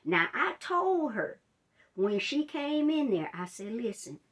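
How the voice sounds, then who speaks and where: A woman's voice: sits high, takes it slowly. Chatty woman telling a story to viewers. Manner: chatty, talks straight to viewers; expressive, retelling with drama. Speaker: life coach. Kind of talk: storytime vlog.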